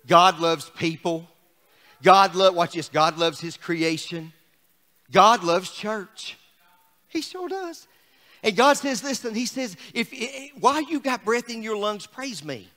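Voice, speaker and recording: A man's voice: a little high, fairly bright tone, long reverb tail. A man preaching an exuberant, joking sermon to his congregation in a church. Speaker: pastor. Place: church sanctuary.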